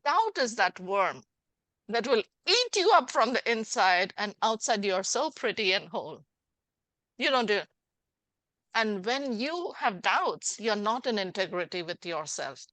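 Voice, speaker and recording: Lively bright-voiced woman coach. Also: mid-range voice, unhurried, no echo. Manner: animated, acts out little scenes with changing voices. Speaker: life coach and podcast host. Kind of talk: conversational interview.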